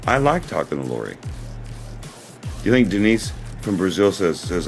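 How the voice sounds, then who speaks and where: Low-voiced man rambling on a livestream. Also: big pitch swings, normal speed, faint music behind. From United States. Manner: rambling, earnest, repeats himself. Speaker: livestream host. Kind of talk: casual livestream talk.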